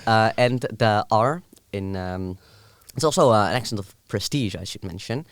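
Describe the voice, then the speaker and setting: A young man from the southern Netherlands, Dutch his first language, explaining things carefully in casual podcast chat with many pauses. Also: fairly low pitch, dry recording. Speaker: podcast guest.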